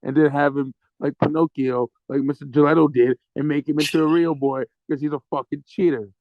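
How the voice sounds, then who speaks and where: A man co-hosting a casual sports podcast, ranting in mock anger with lots of swearing and slow, drawn-out words. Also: a little high, fairly even intonation, no room sound, muffled recording. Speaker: podcast co-host.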